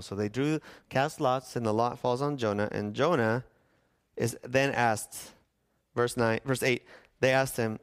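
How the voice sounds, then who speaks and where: A man's voice: medium pitch, moderate pace, clean tone. A middle-aged man, a pastor, preaching a sermon in a conversational storytelling way with acted-out quotes.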